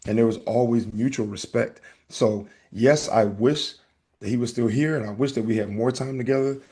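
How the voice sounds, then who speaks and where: A husky-voiced man hosting a podcast at a mid pitch. He tells a story in an animated, conversational way, acting out both sides of the exchanges. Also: moderate pace. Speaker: podcast host. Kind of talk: casual podcast chat.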